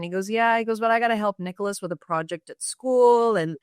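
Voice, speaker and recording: A woman's voice: mid-range voice, fairly quick, clear, resonant tone, dry recording, clean studio sound. A woman guest on a podcast, reflectively recounting memories and acting out bits of remembered dialogue. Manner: reflective, acts out quoted dialogue. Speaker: guest, sister of the subject. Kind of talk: casual interview storytelling.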